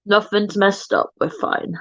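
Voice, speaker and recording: A woman talking her way through a makeup look on a livestream, chatty and joking at her own expense. The sound is dull and flat, recorded with no room echo at all. Her voice sits at an ordinary middle pitch. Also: unhurried. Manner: chatty, self-mocking, talks to viewers while working. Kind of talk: casual makeup tutorial chat.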